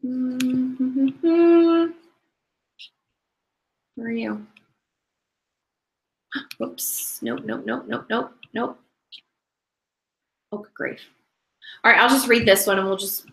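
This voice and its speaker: Chatty higher-voiced woman, echoey room. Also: lively intonation, a little slow, creaky, long pauses, fairly bright tone. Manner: chatty and rambling, fills talk with "like"; breaks off mid-sentence and restarts. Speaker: direct sales team leader. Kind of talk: casual live training talk.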